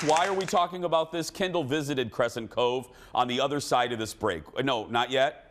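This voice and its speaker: A middle-aged man hosting a TV talk show, telling loud, animated stories and laughing at his own jokes. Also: medium pitch, brisk, few pauses, a loud crowd, heavy background noise. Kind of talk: casual chat, storytelling.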